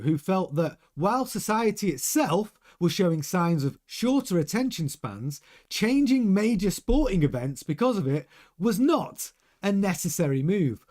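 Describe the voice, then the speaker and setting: Male F1 news host, casual and animated, slightly hoarse voice, lively pitch. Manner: lively, chatty, reads quotes aloud. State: losing his voice, slightly hoarse.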